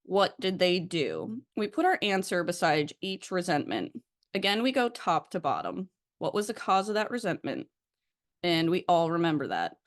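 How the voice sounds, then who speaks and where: A young woman with a stuffy nose and a slightly breathless voice, leading a study session and reading aloud haltingly with many fillers. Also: lowish voice, sing-song. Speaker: recovery study leader. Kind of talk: casual recorded study session.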